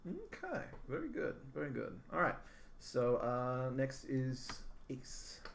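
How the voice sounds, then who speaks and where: A man running a tabletop game as game master, talking casually with fillers and pauses. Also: mid-range voice, vocal fry. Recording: echoey room with background noise.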